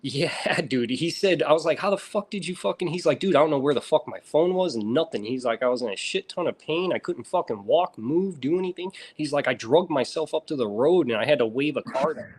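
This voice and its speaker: An American man in casual chat, swearing constantly and telling stories with animated energy. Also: on the high side, fairly quick, breathy edge. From United States. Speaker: reptile breeder streamer.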